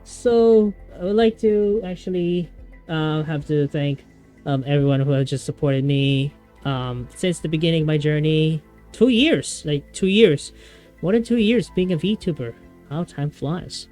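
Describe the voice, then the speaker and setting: A young adult streamer talks casually to viewers, rambling along with plenty of fillers and false starts. The voice is smooth and clear, pitched in a middle register, with faint music underneath. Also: unhurried, darkish tone. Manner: rambling, with many fillers and restarts. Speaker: VTuber streamer. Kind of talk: casual livestream chat.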